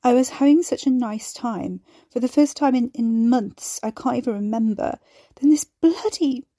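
A tipsy, emotional young woman in a storybook reading, with tearful, wobbly speech, as a woman acts her out. The voice is mellow and warm. The recording is dry and close. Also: mid-range voice, normal speed, husky, no room sound. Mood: upset.

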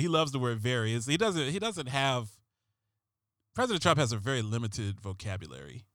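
A male radio host on a comic political rant, rambling and sarcastic, tripping over repeated words before he lands his punchlines. His voice sits at a middling pitch and is recorded close, with a dry, dead studio sound. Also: very animated, brisk, fairly bright tone, no room sound. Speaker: radio talk show host.

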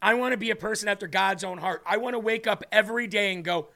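A man with a high, bright voice and a gravelly edge speaks earnestly on a devotional talk show. He preaches with emphasis and keeps circling back to the same phrases to drive them home. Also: quick pace, few pauses. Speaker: host of a faith talk show.

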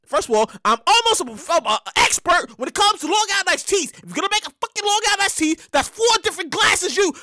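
A woman hosting a show, telling a profane, animated story in a rant that keeps bursting into shouts. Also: very high-pitched, fast, hardly any pauses, no echo, studio quality. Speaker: show host.

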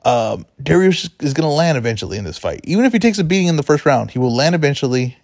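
A man's voice: fairly high pitch, sing-song, fast, a little mellow, dry recording, studio quality. Chatty male sports betting host. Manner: chatty, rambling, self-correcting. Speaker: podcast host. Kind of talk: casual sports betting chat.

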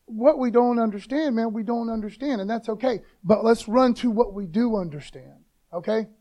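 Guy preaching a laid-back sermon, high voice, keeps saying man, gets loud on the scripture parts. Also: normal speed. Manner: conversational preaching, slangy, calls listeners "man"; rises to loud emphatic reading of scripture. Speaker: pastor.

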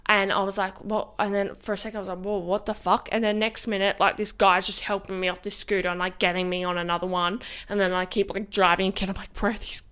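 A woman's voice: medium pitch, little pitch movement, fast talker, few pauses, fairly bright tone, clean tone. A young woman, a podcast co-host telling a story in casual chat, rambling and swearing a lot.

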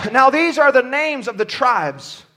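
A man preaching a sermon from a church pulpit, shouting at times and dropping low at others, often stumbling over his words. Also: big pitch swings, slow pace. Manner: impassioned, swings from shouting to near-quiet.

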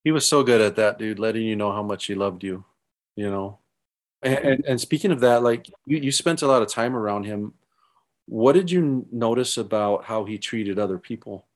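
A man with a lowish voice hosts the conversation, easygoing and affirming. He picks up his guest's point and leads into a question, sounding slightly distant from the mic. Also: normal speed. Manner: casual, affirming, sets up questions. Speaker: podcast host. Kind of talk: conversational interviewing.

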